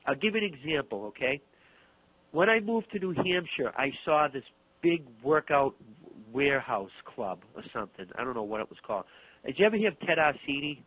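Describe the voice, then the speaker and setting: Animated middle-aged man telling stories. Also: on the high side, brisk, poor audio. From Boston area. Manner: animated storyteller, acts out dialogue, repeats words. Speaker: martial arts instructor. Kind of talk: storytelling interview.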